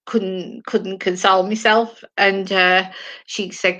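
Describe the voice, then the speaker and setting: A British woman in her sixties, a spiritual medium, telling her personal story slowly and emotionally, often repeating words. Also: medium pitch, level tone, pushed and bright. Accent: British English. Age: 60s. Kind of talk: personal testimony talk.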